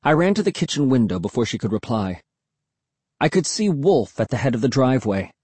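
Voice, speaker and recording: A man narrating a first-person storybook in an expressive, tense storytelling manner. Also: medium pitch, fairly quick, slightly rough, dry recording. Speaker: audiobook narrator.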